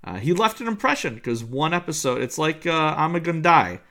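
A man's voice: a little high, very animated, fairly quick, bright, forceful tone. A man co-hosting a podcast, chatting casually and enthusiastically about an episode, full of fillers and restarts. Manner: enthusiastic, rambling with many fillers. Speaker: podcast co-host. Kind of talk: casual chat reviewing an episode.

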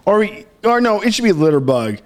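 A man's voice: high voice, very animated, a little fast, a little mellow. A man co-hosting a casual comedy podcast, rambling through a bit and laughing often. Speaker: podcast co-host.

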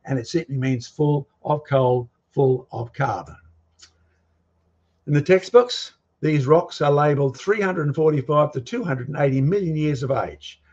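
A man's voice: on the high side, a little mellow, highs cut off. A man giving a lecture with slides, emphatic and full of rhetorical questions and challenges to his audience. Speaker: guest speaker on creation and fossils.

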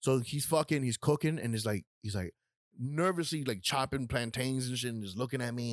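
A man's voice: medium pitch, fairly quick, dry recording, studio quality. A young man from New York, a podcast co-host telling a family story in casual chat, swearing freely and acting out what people said. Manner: animated, swearing, acts out quotes.

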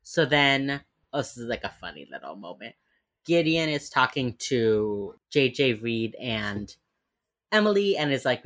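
A woman's voice: a bass voice, very animated, unhurried. A woman co-hosting a podcast, chatting casually about a TV episode, swearing and animatedly acting out characters' lines. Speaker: podcast co-host. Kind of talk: casual chat recapping a TV episode.

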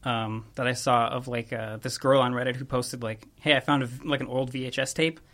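A young man hosting a podcast, telling a story in casual chat with a laid-back, rambling manner and quick chuckles. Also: medium pitch, level tone, fairly bright tone. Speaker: podcast host.

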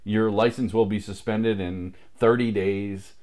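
A man with a very low, deep voice tells a long story in casual chat. He swears freely and acts out what everyone said. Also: measured pace. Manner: profane, animated anecdote-telling with quoted dialogue.

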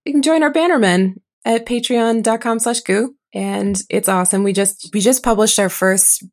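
A woman's voice: a little high, a little mellow. Giggly woman co-hosting a podcast. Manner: giggly, quick to laugh, chatty. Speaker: podcast co-host. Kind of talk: casual podcast chat.

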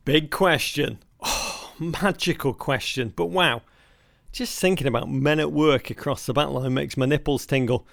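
A man's voice: fairly high pitch, measured pace, gravelly, fairly bright tone, no echo, studio quality. An English man in his fifties telling a comic story as podcast host, wry and mock-grand. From Liverpool area, England.

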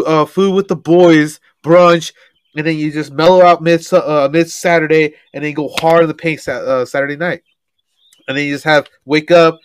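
A man's voice: on the high side, clear, resonant tone, no echo. Profane, laughing young man. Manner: profane, laughing, animated storytelling. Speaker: podcast co-host. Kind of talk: casual chat.

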